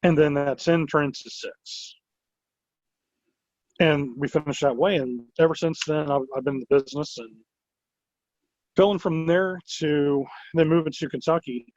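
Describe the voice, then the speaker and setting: A man in an interview rambles through his stories with lively energy, leaning on "like" as filler. His voice sits a touch high for a man. The recording is dull and lo-fi with a dry, close sound. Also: a little slow, long pauses, no echo. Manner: animated, rambling, many "like" fillers. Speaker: wrestling promotion owner. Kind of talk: casual storytelling interview.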